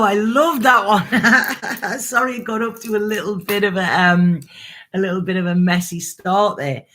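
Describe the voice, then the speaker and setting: A woman's voice: medium pitch, a bit bright, slightly rough. Tarot reader, woman, casual spiritual live-stream host; earnest, emphatic, easy laugh, mid-range voice. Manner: earnest and emphatic, laughs easily, drops a swear now and then.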